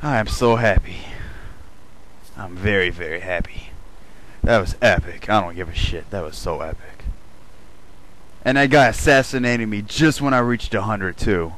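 A man giving live gameplay commentary, excitable and swearing freely. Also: on the low side, normal speed, long pauses, low-quality recording. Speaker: gamer.

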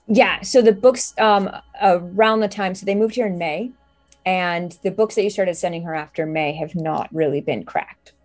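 A woman's voice: on the low side, normal speed, soft background music. A woman narrating a tabletop horror game as game master, describing the scene with hesitant fillers and restarts.

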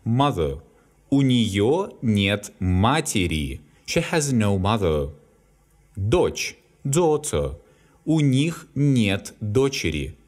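A native Russian tutor with a Russian accent works through a vocabulary lesson at a slow, deliberate pace. He reads each word, then an example sentence, then its translation. His pitch rises and falls in a lively way.

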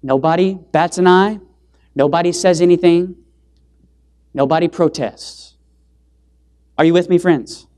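Male preacher, sermon delivery in a church, punchy rhetorical questions, big jumps in pitch and volume for emphasis. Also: measured pace, long pauses. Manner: swings pitch and loudness for emphasis. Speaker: evangelist preacher.

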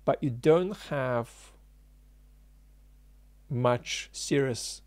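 A man's voice: mid-range voice, drawn-out words, darkish tone, no room sound. A man giving unscripted political commentary, emphatic and argumentative, thinking aloud with frequent ums and restarts.

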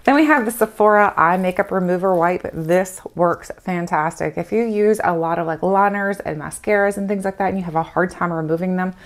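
Chatty lady doing a skincare sample review, kinda low voice, lots of "like". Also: brisk, hardly any pauses. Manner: chatty, candid, frequent "like" fillers. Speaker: beauty vlogger reviewing samples. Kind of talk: casual product review.

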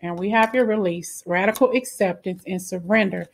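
A woman's voice: medium pitch, moderate pace, slight background noise. A woman giving a casual tarot reading, talking bluntly, swearing freely and often ending lines with "okay?". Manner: blunt, swears freely, flares into angry outbursts; frequent "okay?" tag questions. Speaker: tarot reader.

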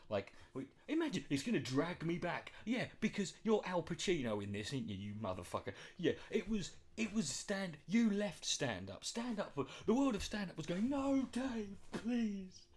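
A man's voice: fairly high pitch, big pitch swings, moderate pace, hardly any pauses, breathy edge. Sarcastic man ranting. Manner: sarcastic, mocking. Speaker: commentator reacting to clips. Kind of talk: sweary comedic rant.

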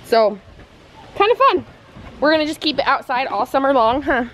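A woman's voice: high voice, expressive, moderate pace, fairly bright tone. A young woman and mother chatting casually in a family vlog at home and in the backyard, playful and sing-song with her toddler. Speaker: vlogger, mother. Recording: noisy home video with breeze.

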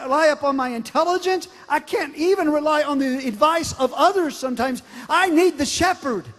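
A man with a strikingly high voice preaches a sermon in a large church sanctuary. He stretches out scripture lines for emphasis and often restarts his words. His voice rings with long reverb through the hall. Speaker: pastor.

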